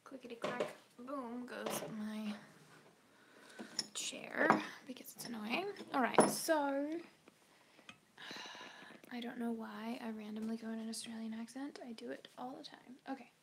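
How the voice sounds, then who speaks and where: A woman's voice: fairly high pitch, steady tone, normal speed, gravelly, very noisy. A woman chatting casually on a sewing livestream at home, often dropping into whispers as she works. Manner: muttering, often whispering to herself. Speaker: sewing vlogger.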